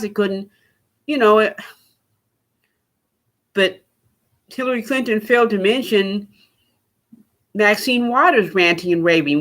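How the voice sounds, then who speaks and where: Male podcast host, bright tone, sarcastic off-the-cuff commentary. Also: high-pitched. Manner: rambling, sarcastic, laughs at his own points. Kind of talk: solo political commentary.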